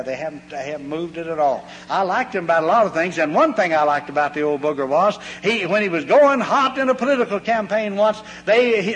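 A man preaching a folksy sermon, telling homespun stories and acting out the voices in them. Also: sits high. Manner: homespun, animated, acts out voices in anecdotes. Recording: long hall reverb, faint hum.

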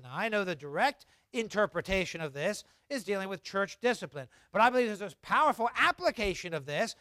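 A man's voice: sits high, big pitch swings, fairly quick, few pauses, bright, forceful tone, no room sound, clean studio sound. A man preaching a sermon, emphatic and repetitive, leading the congregation in repeating lines and reading scripture in old formal wording. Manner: leads congregation in call-and-response. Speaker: pastor.

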